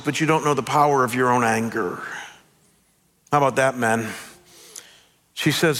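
A middle-aged man, a pastor, giving a conversational, animated sermon with self-deprecating asides and stammered restarts. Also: fairly high pitch. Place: church sanctuary. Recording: long hall reverb.

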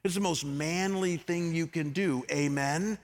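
A middle-aged male pastor preaches a candid, story-driven sermon, his fairly high voice carrying through a church hall with a long, lingering reverb. He swings from loud re-enactments to quiet, reflective stretches. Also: measured pace. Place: church sanctuary.

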